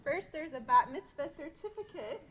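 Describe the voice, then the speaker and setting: A woman rabbi speaking at a bat mitzvah service in a synagogue sanctuary, heartfelt and halting, with many restarts. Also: sits high, animated. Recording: noisy livestream recording.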